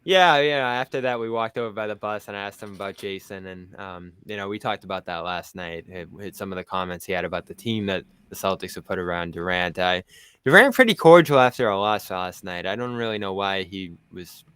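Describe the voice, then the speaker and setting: Chatty Boston man, smooth low voice. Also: lively intonation, brisk, fairly bright tone, no echo. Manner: chatty, laughs often, tells anecdotes. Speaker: basketball podcast panelist. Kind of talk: casual sports chat.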